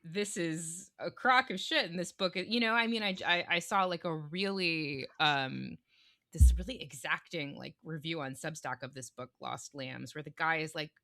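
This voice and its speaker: A woman's voice: sits low, normal speed, sharp tone. A woman with a Long Island accent, co-hosting a casual podcast chat about books and hedging her points with lots of fillers. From Northeastern US. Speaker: podcast co-host.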